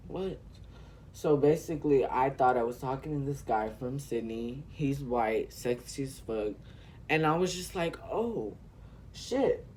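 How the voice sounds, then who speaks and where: A man's voice: medium pitch, moderate pace, a little mellow, a little hiss or hum. A teenage man from California, telling a rambling story full of profanity while doing his makeup on camera. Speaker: vlogger.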